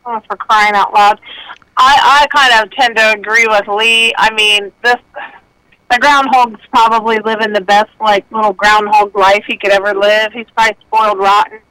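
A woman's voice: mid-range voice, steady tone, moderate pace, bright, forceful tone, clear, resonant tone, no echo. A woman calling in to a radio show, talkative and folksy, heard over a phone line. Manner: talkative, self-deprecating, folksy. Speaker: radio caller. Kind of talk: casual phone-in chat.

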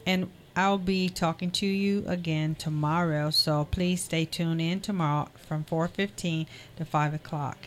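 A woman's voice: low-pitched, fairly even intonation, unhurried, hardly any pauses, slight background noise. A woman hosting a radio talk show, graciously thanking her guest and signing off. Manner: gracious sign-off with soft laughter. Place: radio studio.

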